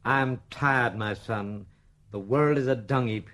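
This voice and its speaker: A man's voice: mid-range voice, takes it slowly, fairly bright tone. An actor playing a weary aging father who has lost hope, speaking with resignation, in a 1970s radio drama. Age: older.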